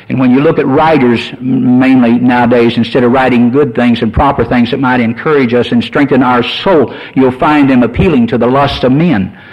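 A man's voice: medium pitch, muffled recording. Folksy preacher man on radio. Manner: folksy, rising to emphatic preaching. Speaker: pastor. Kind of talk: sermon.

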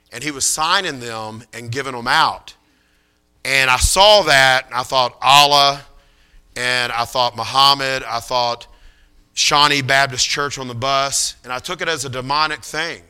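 Bright, clear-voiced preacher man telling a story. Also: fairly high pitch. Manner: animated, conversational, repeats phrases and restarts. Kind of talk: sermon storytelling.

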